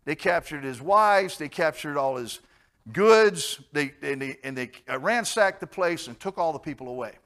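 A man preaching a casual Bible teaching in a blunt, conversational way, with joking asides and sudden loud stresses. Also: on the high side, lively intonation, normal speed.

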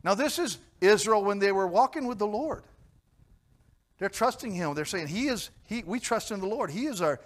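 A man preaching a sermon in church, questioning his congregation and swinging between emphatic loud lines and quiet low ones. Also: animated, normal speed. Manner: repeats and restarts words, asks questions of the congregation. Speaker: pastor.

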